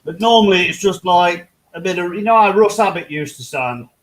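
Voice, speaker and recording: Rambling, sweary man, a bit high. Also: animated, a little fast, rough recording. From United Kingdom. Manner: rambling, swears freely, laughs at own stories. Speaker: hangout host. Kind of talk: casual chat among friends.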